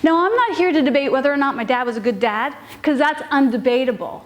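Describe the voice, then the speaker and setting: A woman telling a personal story to a live audience in an animated, casual way with frequent fillers. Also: high voice, fast.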